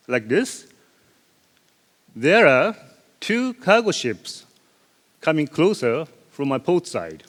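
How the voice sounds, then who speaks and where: A man, a ship's captain telling a story in a conference speech, animated, with sound effects and self-deprecating asides. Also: fairly high pitch. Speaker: ship captain giving a conference talk. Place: large conference hall. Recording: long reverb of a large hall.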